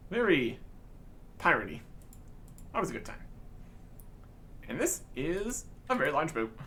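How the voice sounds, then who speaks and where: A man's voice: fairly high pitch, sharp tone, slight background noise. A man hosting a gaming channel, giving chatty, wry, casual commentary while he plays.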